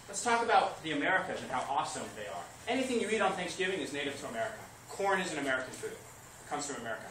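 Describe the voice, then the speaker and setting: A man teaching history to a class, lively, asking questions and answering them himself. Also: fairly high pitch, fast. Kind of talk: classroom lecture. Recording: echoey classroom recorded from far off, noisy.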